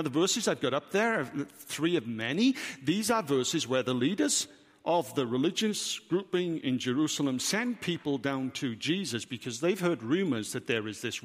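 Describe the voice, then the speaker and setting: A man with a Welsh accent, preaching a sermon as pastor, emphatic and full of rhetorical questions. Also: fairly high pitch. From Wales. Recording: reverberant hall.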